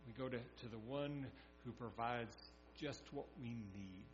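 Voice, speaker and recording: A man preaches a sermon, telling scripture stories in a folksy way and acting them out, at medium pitch and moderate pace with hardly any pauses. The recording has an echoey hall, dull sound and mains hum.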